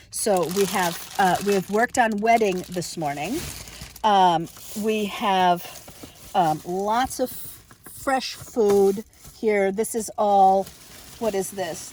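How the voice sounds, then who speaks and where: A woman chatting casually for her vlog from her car, excitable and rambling, with lots of fillers as she shows what she has picked up. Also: medium pitch, slight background noise. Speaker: vlogger. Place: in a parked car.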